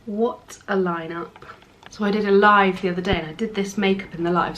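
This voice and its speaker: A young woman chatting through a makeup tutorial, gushing about the products and often dropping into a soft whisper. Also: mid-range voice, a little hiss or hum, rough recording. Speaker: makeup artist.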